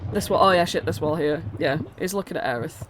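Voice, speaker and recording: A woman's voice: low voice, fast, background noise. A woman running a tabletop game as the dungeon master, chatty and loose, stopping to work out numbers aloud.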